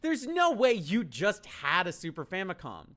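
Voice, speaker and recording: A man's voice: high-pitched, wildly swooping pitch, normal speed, a bit bright. A man telling a story on a stream, profane, incredulous and exasperated.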